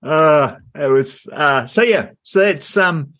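A man's voice: a little high, slow pace, a bit bright. A man co-hosting a podcast, telling a rambling story in casual chat with lots of fillers and frequent laughter. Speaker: podcast co-host.

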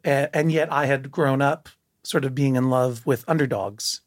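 A man telling a personal story in casual conversation, lively and full of restarts, jumping up in pitch for emphasis. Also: normal speed. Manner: animated, many restarts, jumps up in pitch for emphasis.

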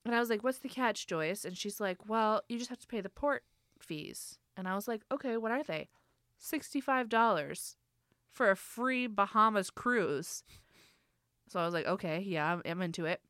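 A young adult woman with a mid-range voice tells a casual anecdote at a moderate pace, laughing often as she goes. She's an animated storyteller who quotes the people involved in her own voice. The recording is dry and studio quality.

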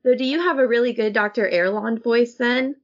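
A woman's voice: fairly high pitch, fairly quick. A woman hosting a podcast, chatting casually and telling self-mocking stories with frequent laughs. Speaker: podcast host. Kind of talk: casual chat. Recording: dull lo-fi recording.

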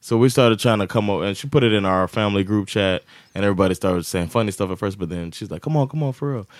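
Speaking quickly in a low-pitched voice, this man co-hosts a podcast and tells an animated story through casual chat. He acts out the quotes amid plenty of laughter, and there is no room sound.

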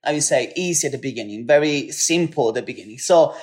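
A man's voice: medium pitch, expressive, quick pace. Guest: Italian man with an Italian accent, casual, laughing, repeats words while speaking English as a second language. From Italy. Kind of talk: casual chat.

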